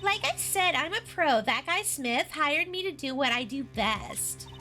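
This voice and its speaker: Woman voicing a cocky Valley Girl card sharp. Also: high voice, lively intonation, unhurried, faint music behind, full character voice. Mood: boastful. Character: brash young female card dealer, cocky con artist.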